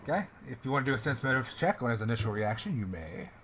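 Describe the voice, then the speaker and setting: A man's voice: mid-range voice, lively intonation, fast, fairly bright tone, slight background noise. A man running a tabletop game as game master, narrating casually with fillers.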